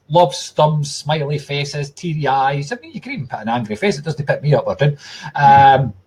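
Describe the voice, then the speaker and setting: A man's voice: on the high side, husky. A Scottish man hosting a casual live stream, chatty, jokey and self-mocking.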